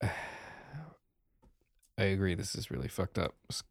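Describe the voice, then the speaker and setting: A man's voice: low voice, unhurried, gravelly, slightly rough, no echo. A young man playing a tabletop role-playing game, in character, who laughs often and swears freely. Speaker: player.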